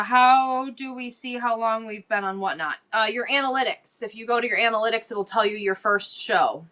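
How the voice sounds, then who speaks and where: Bright, chatty woman livestream host. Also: a little high. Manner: rambling, tangent-prone, effusive thanks. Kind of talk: casual livestream chat reading viewer comments.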